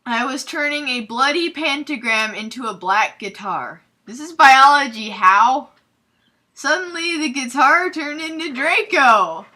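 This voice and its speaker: A young woman hosting a comedic fanfiction readthrough, reading aloud with sarcastic, giggly, deadpan asides. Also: sits high, unhurried, few pauses.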